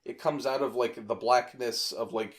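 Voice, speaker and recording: A man's voice: mid-range voice, steady tone, moderate pace. A man in his twenties, a podcast host, telling a rambling, profane story in casual chat.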